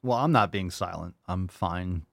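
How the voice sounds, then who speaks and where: A man's voice: sits low, moderate pace, gravelly, a bit bright, no echo, studio quality. A man hosting a livestream show, reacting to clips in a blunt, mocking, sarcastic way. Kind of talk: casual reaction commentary.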